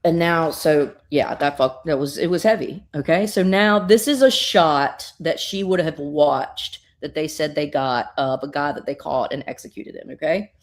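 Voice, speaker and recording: A woman recapping a comic book in an animated, casual way, swearing freely and using lots of fillers. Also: low-pitched, normal speed, hardly any pauses. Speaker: guest reviewer.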